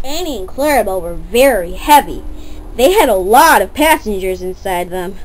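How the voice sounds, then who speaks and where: A woman's voice: medium pitch, animated, moderate pace, rough recording. A woman narrating a toy-train story for children, stopping to quiz young listeners.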